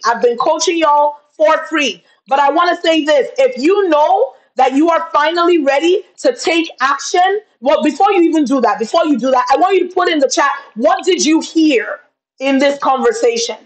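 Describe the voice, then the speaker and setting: Speaking on a video call webcam at a moderate pace, a woman with a high voice gives an impassioned motivational live stream as a business coach, calling viewers "y'all" like a preacher. Audio quality is poor.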